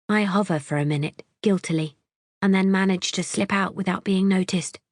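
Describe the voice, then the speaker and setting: A woman's voice: medium pitch, moderate pace, no room sound. A woman narrating a psychological thriller audiobook in the first person, wry and tense.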